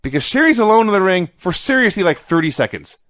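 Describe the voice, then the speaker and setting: This man's high, fairly bright voice is very animated and fast, recorded with no room sound. He co-hosts a podcast, walking through old wrestling matches play by play in a casual chat with a dry, matter-of-fact delivery.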